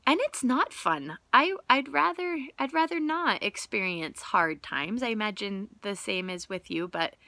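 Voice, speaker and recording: A woman's voice: medium pitch, expressive, measured pace, few pauses, pushed and bright, no echo. A young woman giving a casual, earnest devotional talk, conversational and full of "like" fillers. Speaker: Bible teacher and vlogger.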